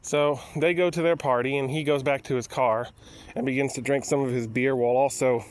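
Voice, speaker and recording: A man's voice: medium pitch, fairly even intonation, a little fast. A man giving a casual, rambling movie review full of restarts and asides.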